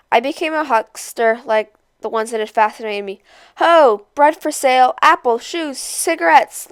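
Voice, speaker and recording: Woman reading a novel aloud, expressive, fairly high voice, smooth, dry close sound. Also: no echo. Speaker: read-aloud host.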